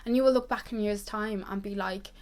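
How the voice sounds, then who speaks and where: A woman's voice: medium pitch, steady tone, a little fast, darkish tone. A twenty-year-old woman giving an earnest, reassuring pep talk to camera, repeating herself for emphasis. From Ireland. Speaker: vlogger.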